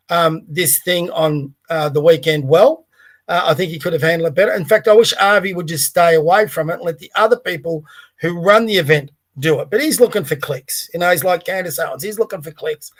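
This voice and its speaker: Blunt man, higher voice. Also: a bit bright. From Australia. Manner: blunt, rambling, profane. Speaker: podcast host. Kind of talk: livestream commentary.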